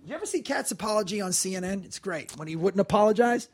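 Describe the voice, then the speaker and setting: A comedian with a high, husky voice spins anecdotes in loose, casual chat. He acts out the people in his stories, dropping low and quiet, then jumping up loud as he plays them. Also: animated, fast.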